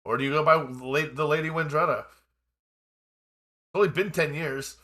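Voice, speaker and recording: Male game master, bright ringing voice, measured narration between casual rules chat. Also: a little high. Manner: measured storytelling narration mixed with casual table talk.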